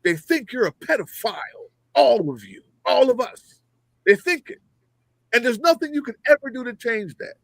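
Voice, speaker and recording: Fiery high-voiced man ranting. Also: lively intonation, moderate pace, gravelly, dry recording, low-quality recording. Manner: fiery, profane, mocking, rhetorical. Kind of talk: heated political commentary.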